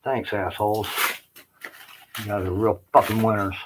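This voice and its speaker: A man's voice: on the low side, level tone, moderate pace, background noise. Profane, rambling man in his late fifties. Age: 50s. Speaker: army veteran ranting to camera. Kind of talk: rambling personal rant.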